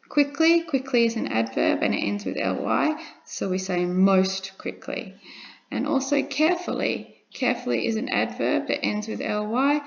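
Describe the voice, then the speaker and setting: Woman, English teacher, gravelly fry, patient and repetitive, dull lo-fi recording. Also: mid-range voice. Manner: patient, repeats examples, frequent "okay" checks. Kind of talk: grammar lesson to students.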